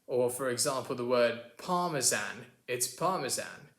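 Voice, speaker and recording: An easygoing young British man with a Southern English accent , put on by a man, says example words twice and slowly in a relaxed, chatty way. His voice sits mid-range, and the room around him is echoey. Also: mid-range voice. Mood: casual. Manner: easygoing, demonstrates words by repeating them slowly.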